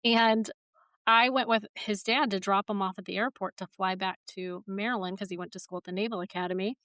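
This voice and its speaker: A woman's voice: medium pitch, fairly even intonation, fairly quick, a bit bright, no room sound, studio quality. A woman in her forties hosting a podcast, chatting casually and laughing often. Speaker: podcast host. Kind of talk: casual conversation.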